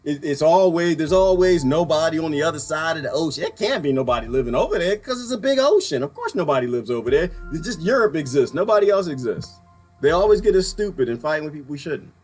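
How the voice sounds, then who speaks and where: A man hosts a casual livestream in a somewhat high voice that leaps up and down as he rants. He laughs often and talks straight to his viewers. Faint music plays underneath. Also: fast talker. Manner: animated, ranting, laughs often. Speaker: livestream host.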